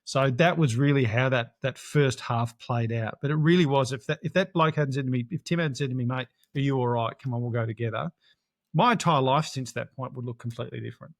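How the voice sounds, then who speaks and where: A middle-aged man, a guest in an interview, telling his race story in a lively way and acting out quoted dialogue. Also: medium pitch, brisk, few pauses, no room sound, studio quality. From Australia. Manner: animated, acts out quoted dialogue. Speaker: interview guest, adventure racer.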